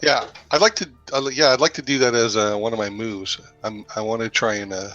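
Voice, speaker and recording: Male player at the game table, bright voice, casual and halting. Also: fairly low pitch, fairly even intonation, no echo, muffled recording. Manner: hesitant, full of filler words.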